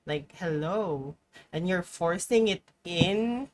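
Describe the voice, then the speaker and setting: A woman streamer gives casual running commentary on what she is watching. Her voice sits on the lower side and jumps between low, muttered asides and sudden loud, chanted outbursts, with plenty of swearing. Faint noise hums underneath. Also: animated, slow pace. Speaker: live streamer reacting to a video.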